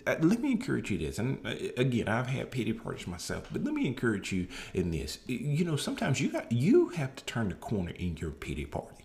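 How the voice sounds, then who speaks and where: A man preaching a sermon in an earnest way, repeating phrases for emphasis and rising in pitch when he urges his listeners on. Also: huge pitch swings, brisk, creaky, few pauses, darkish tone.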